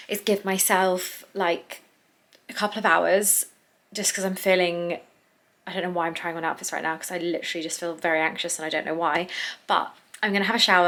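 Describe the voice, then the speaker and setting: A woman, chatting casually to camera from her bedroom and thinking out loud. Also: lowish voice. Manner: chatty, rambling, self-questioning. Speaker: lifestyle vlogger.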